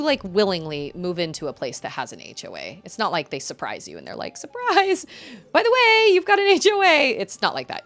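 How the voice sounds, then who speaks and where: A woman's voice: fairly low pitch, a bit bright. A young adult woman streaming at home, chatting and rambling while reacting aloud to a game and her chat. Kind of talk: live-streamed gameplay chat.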